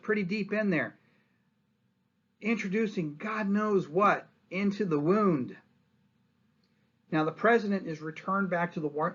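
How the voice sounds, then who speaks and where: A man giving a history lecture as a lively story, acting out quotes and often asking "right?". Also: a little high, dull audio.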